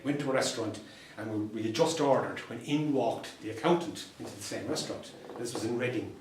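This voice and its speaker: An Irish solicitor and mediator giving an anecdotal talk to fellow professionals, telling stories with dry humour and repeated punchlines. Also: male voice, mid-range voice, a little fast, a little mellow. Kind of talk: anecdotal presentation to a professional audience. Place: meeting room. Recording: distant mic in an echoey room.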